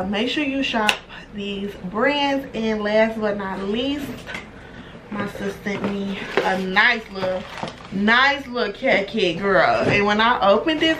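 A young woman chatting excitedly and casually through a makeup unboxing, full of slang and swearing. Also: mid-range voice. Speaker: beauty vlogger. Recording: distant mic with background noise.

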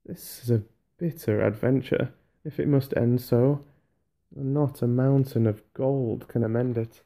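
A man voicing a small, kindly hobbit who has been hurt and shaken, speaking high and eager. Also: moderate pace, dark tone, lightly acted. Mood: sorrowful.

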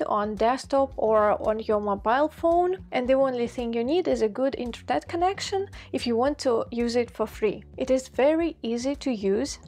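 Young woman, Russian accent, fairly high voice, clear measured delivery as a language teacher. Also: a little mellow. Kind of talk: scripted video lesson.

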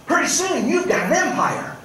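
A male pastor preaching a sermon, swinging between loud, animated stretches and hushed, pointed asides. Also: very high voice, normal speed, slight background noise. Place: church sanctuary. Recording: echoey church room, mic at a distance.

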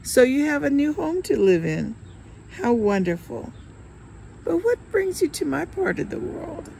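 Brooding middle-aged man, soft and reflective, read by a woman with a gravelly voice. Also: sits high, big pitch swings, measured pace, a little hiss or hum, voice pushed up, heavily acted. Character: brooding forty-five-year-old man drinking wine.

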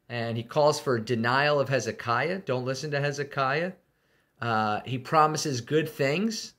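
A man's voice: medium pitch, measured pace, fairly bright tone. Conversational man giving Bible commentary. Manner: conversational, many fillers and restarts. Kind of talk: casual devotional Bible commentary.

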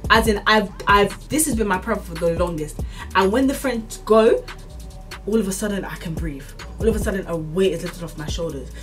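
A woman's voice: mid-range voice, normal speed, a bit bright, distant mic, faint music behind. A young woman, ranting casually to camera with lots of fillers and earnest, preachy encouragement. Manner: rambling, repeats itself, many fillers like "like" and "as in". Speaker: vlogger.

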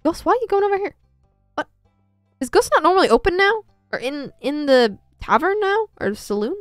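A woman's voice: very high voice, very animated, brisk, no room sound, clean studio sound, faint music behind. A woman streaming a farming game, chatting casually and self-mockingly with her viewers. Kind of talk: casual gameplay commentary.

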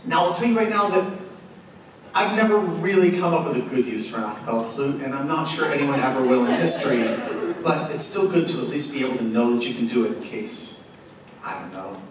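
A man's voice: mid-range voice, a little fast, crowd noise. Joking man teaching in an echoey room. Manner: joking, animated, demonstrates sounds with his voice. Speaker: a cappella workshop instructor. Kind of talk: teaching a vocal workshop. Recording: distant mic in an echoey room with room noise.

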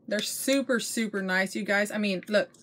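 A woman's voice: mid-range voice, normal speed. Middle-aged woman, chatty haul vlogger gushing to viewers, home camera mic, faint hiss behind. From Texas. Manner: chatty, gushing, addresses viewers as you guys. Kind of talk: casual show-and-tell chat.

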